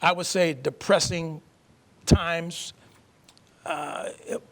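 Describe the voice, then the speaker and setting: A man's voice: fairly high pitch, steady tone, very slow, gravelly, a bit bright. An older man from Pennsylvania, a guest author in a casual interview, folksy and repeating himself. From Pennsylvania, USA.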